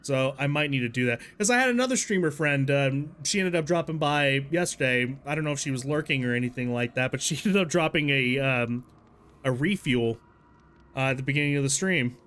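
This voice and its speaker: A man's voice: medium pitch, fairly quick. Rambling man streaming a horror game. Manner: rambling and self-deprecating, bursts of yelling and swearing at the game. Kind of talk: casual live gameplay commentary.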